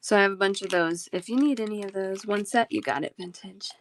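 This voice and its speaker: In this casual live-stream sales chat, a woman with a medium-pitched voice talks briskly over a little hiss or hum. She hosts a bead sale, reading viewers' messages aloud and quickly running through prices and sizes.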